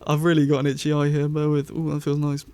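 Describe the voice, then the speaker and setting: A man's voice: a little high, monotone, fast talker, darkish tone, clear, resonant tone, dry recording. A young man, hosting a casual vlog review in a rambling, chatty, enthusiastic way. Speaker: YouTube host.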